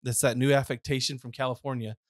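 A man co-hosting a podcast in casual chat, animated and opinionated, ranting. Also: medium pitch, fast talker, dry recording. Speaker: podcast co-host.

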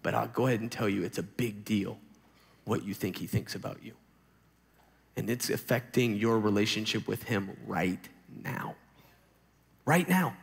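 A man in his thirties preaching to a youth camp in a conversational, animated way, raising his voice for emphasis. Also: on the low side, normal speed, creaky, pauses often, long reverb tail.

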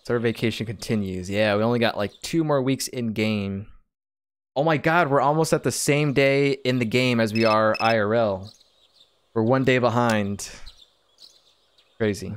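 A man's voice: mid-range voice, normal speed, clean tone. A man hosting a let's-play, chatting casually and reading game text aloud. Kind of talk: casual gameplay commentary. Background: game music.

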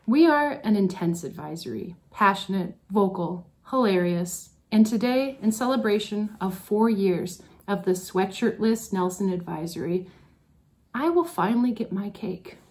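A woman's voice: mid-range voice, expressive, a little slow, darkish tone. A woman teacher tells her graduating advisory class a story in a graduation speech. She is wry and pokes fun at herself as she goes. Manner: wry, self-mocking storytelling.

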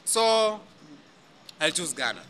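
A man's voice: a little high, sing-song, slow pace, pushed and bright. A Kenyan man, a content creator, chatting eagerly in a street interview, repeating words and chuckling. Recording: crowd noise all around.

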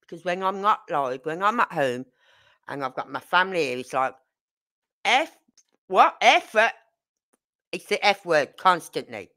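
A woman hosts a casual livestream and tells animated stories about her own life. She acts out both sides of each exchange. Her voice sits a little low but comes across bright and forceful. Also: moderate pace. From Birmingham, England. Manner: animated storyteller acting out dialogue. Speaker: livestream host. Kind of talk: casual live chat.

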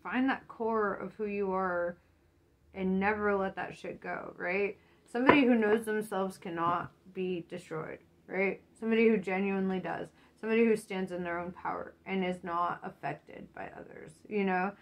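A woman's voice: mid-range voice, fairly even intonation, normal speed. A woman giving a casual tarot reading, rambling and encouraging, swearing freely. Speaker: tarot reader.

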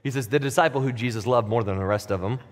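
A man's voice: medium pitch, fast talker, long reverb tail. A man preaching a sermon as pastor, in a conversational, plain-spoken way that builds to emphatic peaks. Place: church sanctuary.

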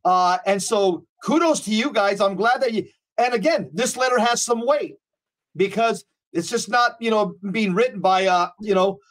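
A man with a notably high-pitched voice co-hosts a talk show, weighing in with casual, emphatic commentary. He leans on fillers as he builds his point. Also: normal speed, fairly bright tone. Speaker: co-host.

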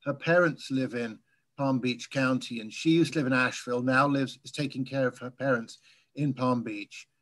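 A man from England whose accent has drifted toward American, telling birding stories in a relaxed Q&A over a video call. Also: medium pitch, moderate pace. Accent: English, softened by years in America. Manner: chatty, anecdotal, laughs while telling stories. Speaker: guest speaker. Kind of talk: casual Q&A chat.

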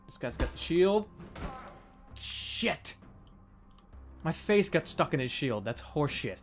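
A man's voice: on the high side, big pitch swings, slow, pauses often, faint music behind. A man in his thirties streaming a game, joking sarcastically with frustrated outbursts. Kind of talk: let's play commentary.

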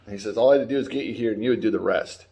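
A man's voice: on the low side, very fast, warm tone. A man giving a casual, rambling spoiler recap of a TV episode, swearing now and then and acting out the characters' lines. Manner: rambling, swearing, acts out quotes. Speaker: YouTube reviewer.

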